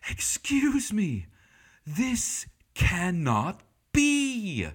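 A man acts out a furious British professor bursting into a room. He speaks in a high, loud British accent and drags out each word with stiff indignation. Every syllable lands like a reprimand. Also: wildly swooping pitch, slightly rough, heavily acted. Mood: indignant. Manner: loud, indignant, drawn-out commanding words.

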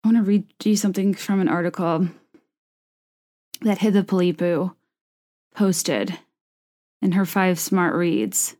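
A young woman speaks straight to her viewers in an earnest, impassioned monologue, her voice sitting a little low. She stumbles and restarts as she searches for words, then reads a passage aloud in the same sincere tone. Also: fairly even intonation, unhurried, long pauses, a little mellow. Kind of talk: personal monologue to camera with a read-aloud passage.

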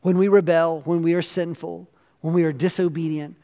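A man with a high voice preaches a sermon, earnest and passionate, stacking repeated phrases as he builds. His words ring out with a long reverb through a large church hall. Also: level tone, moderate pace, mellow. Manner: earnest and passionate, rising in emphasis, with frequent repeats. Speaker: pastor.

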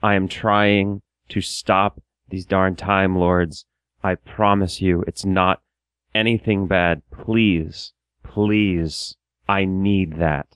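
A man playing a desperate castaway who pleads and bargains, with a smooth, resonant voice. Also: sits low, steady tone, slow pace, no room sound. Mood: pleading.

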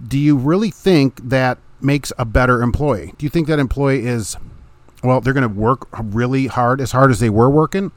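A middle-aged man talks straight into a close mic in a dry home room, sounding blunt and opinionated. He speaks at an average pitch and keeps his delivery casual, with short laughs between his points. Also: normal speed, dry recording. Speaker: podcast host, truck driver.

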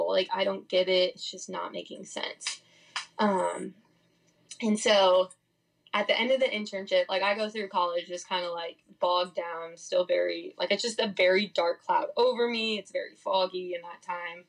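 Young adult woman, podcast guest, frank and meandering, mid-pitched voice with vocal fry. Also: poor audio. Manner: candid, rambling, frequent "like" fillers. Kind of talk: casual testimony.

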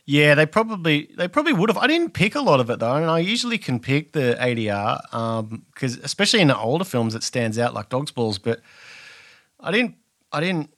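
A man's voice: on the high side, big pitch swings, fairly quick, fairly bright tone, dry recording, studio quality. A man chatting on a podcast, rambling with many restarts. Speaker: podcast co-host. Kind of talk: casual podcast chat.

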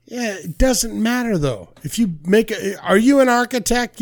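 A man's voice: high-pitched, animated, moderate pace, hardly any pauses. A man co-hosting a podcast in casual chat, blunt and swearing casually. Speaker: podcast co-host.

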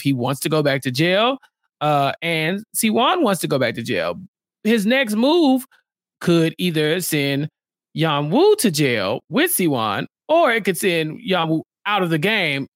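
Animated high-voiced man recapping a show. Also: dry recording, studio quality. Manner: animated, acts out quotes in exaggerated voices. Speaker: podcast co-host. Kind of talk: casual recap chat.

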